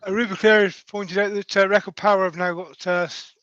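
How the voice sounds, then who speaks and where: A man with a high voice chats casually about workshop gear. He hesitates often, filling gaps with little pauses, and sounds close and dry. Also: flat delivery, a bit bright, no echo, dull audio. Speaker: regular guest on a woodturning stream. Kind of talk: casual chat.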